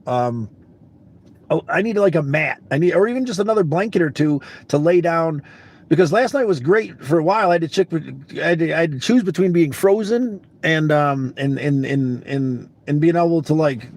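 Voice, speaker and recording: A man's voice: on the high side, a little mellow. A groggy man vlogging casually to camera from his vehicle, laid-back and rambling, repeating words and swearing now and then. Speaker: traveling vlogger.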